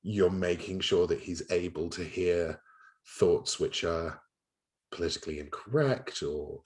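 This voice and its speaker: A man hosting a conversational interview, with a very deep voice. He is wry and thoughtful and steers the talk with leading questions. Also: measured pace, darkish tone. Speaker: interviewer and host.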